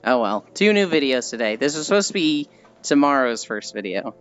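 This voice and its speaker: A woman's voice: rumbling low, sing-song, fairly quick, dull audio, soft background music. A woman streamer chatting casually and rambling with frequent giggles while she walks. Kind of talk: casual chat while walking.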